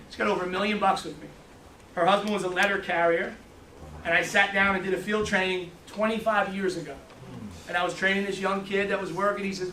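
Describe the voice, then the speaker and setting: New male trainer, animated storyteller, high pitch, distant roomy sound with faint ambience. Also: slight background noise. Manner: animated storytelling, repeats words. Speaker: financial services trainer. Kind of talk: training talk to a room. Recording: echoey room from far off.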